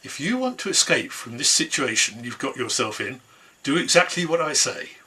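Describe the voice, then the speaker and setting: A man doing a brisk, bossy little mouse. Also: medium pitch, big pitch swings, bright, forceful tone, slightly rough, full character voice. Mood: commanding. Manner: brisk, commanding. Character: small, cunning female mouse helper.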